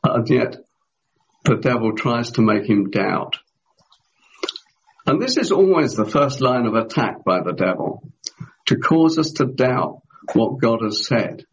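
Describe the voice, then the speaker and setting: Man preaching in a measured voice. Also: medium pitch, expressive, muffled recording. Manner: measured, asks the listeners rhetorical questions. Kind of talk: sermon.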